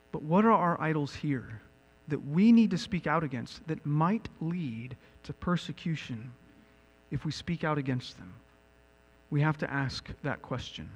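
A man preaching a sermon as pastor, animated and building to emphatic peaks. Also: fairly high pitch. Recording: long reverb with mains hum.

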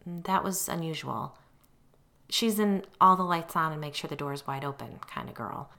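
A middle-aged woman reading her own memoir as an audiobook, telling it with lively expression. Her voice is low and gravelly with a bright, forceful tone. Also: moderate pace. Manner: expressive storytelling, acting out her own quoted lines. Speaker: audiobook narrator. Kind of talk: first-person memoir narration.

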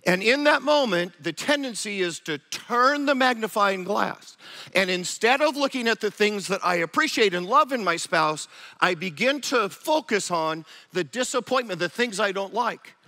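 Bright high-voiced man preaching. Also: normal speed. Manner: animated, acts out quoted voices of spouses. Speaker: pastor. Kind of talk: sermon.

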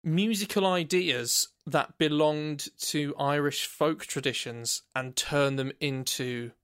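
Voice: medium pitch, takes it slowly, clean tone. A podcast co-host chatting casually, rambling and joking at their own expense. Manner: rambling, self-deprecating, joking.

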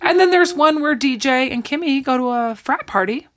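A woman's voice: high-pitched, normal speed. A woman in her forties, casually recapping a TV show and telling stories, acting out the lines she quotes. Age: 40s. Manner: animated storytelling, acts out quotes. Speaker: podcast co-host. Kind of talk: casual chat recapping episodes.

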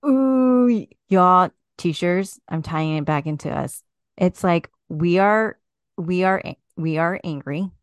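A woman's voice: on the low side, slow pace, smooth, no echo. A woman hosting a casual podcast chat. She speaks emphatically and turns to address listeners directly.

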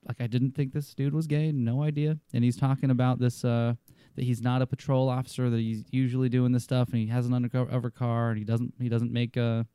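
Casual storytelling man, dark voice. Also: mid-range voice, smooth, no echo, studio quality. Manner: storytelling, swears, acts out quotes. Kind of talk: casual podcast chat.

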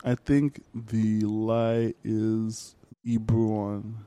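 A young man co-hosting a podcast, joking and teasing in relaxed banter. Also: fairly low pitch, very slow, dry recording. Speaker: podcast co-host. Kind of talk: casual chat.

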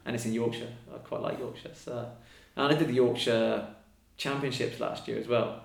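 A man of middle pitch with a gravelly, creaky edge, talking casually as a podcast guest. He is chatty and slips into quick acted-out exchanges of what people said. The recording sounds roomy, with noticeable echo. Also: steady tone. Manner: chatty, acts out quoted exchanges. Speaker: podcast guest, elite mountain runner. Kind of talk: casual conversation.

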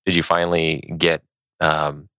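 A man's voice: a bass voice, level tone, a little slow, bright, forceful tone, clear, resonant tone, no echo. A man hosting a podcast, asking questions and reacting briefly. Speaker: podcast host.

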